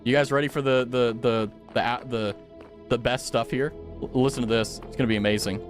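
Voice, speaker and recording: A man's voice: medium pitch, steady tone, fairly quick, music in the background. A young man streaming a game, chatting casually and playfully with his viewers. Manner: playful, chatty, talks to chat. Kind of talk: casual gaming commentary.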